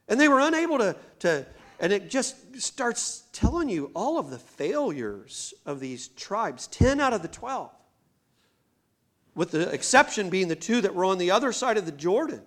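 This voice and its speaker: Animated preacher man, high lively voice. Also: moderate pace. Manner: preaching with rising emphatic bursts and direct address to the congregation. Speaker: pastor. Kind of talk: sermon. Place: church sanctuary.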